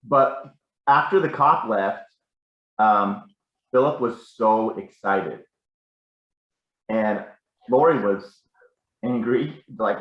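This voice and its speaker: A man's voice: fairly low pitch, slow, pauses often, roomy sound, muffled recording. Rambling man telling family stories. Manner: rambling, self-correcting anecdotes. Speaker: family member sharing memories. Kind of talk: casual storytelling at a gathering.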